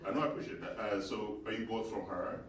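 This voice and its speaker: Ugandan comedian in a roomy club. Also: male voice, fairly low pitch, fast. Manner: animated storytelling, acts out quoted voices, chats with audience. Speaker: stand-up comedian. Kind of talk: stand-up comedy set with crowd work. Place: comedy club stage with a live audience. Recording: roomy, distant club recording with audience noise.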